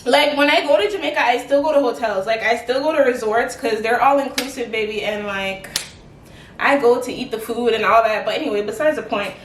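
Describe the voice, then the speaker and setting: A young adult woman chatting to camera in a casual vlog, animated and quick with "like" fillers. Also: a little high, a little hiss or hum. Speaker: vlogger. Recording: echoey room, mic at a distance.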